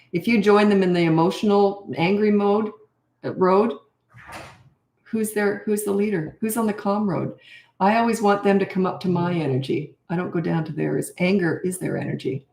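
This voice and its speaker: A woman in her fifties, a parenting coach answering questions on a live stream, talking in a calm, plain-spoken way and sometimes acting out a firm, steady parent's voice. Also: lowish voice, gravelly, reverberant.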